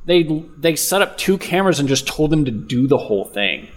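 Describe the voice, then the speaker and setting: A man's voice: a little high, big pitch swings, fairly quick. A man co-hosting a casual film podcast, telling behind-the-scenes anecdotes. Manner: anecdotal, explains film trivia. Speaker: podcast co-host.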